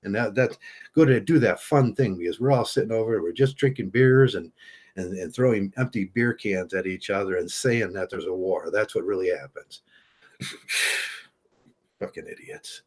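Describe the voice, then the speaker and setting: A man talking through a rambling opinion monologue to camera, halting with many restarts. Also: on the low side, darkish tone. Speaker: vlogger.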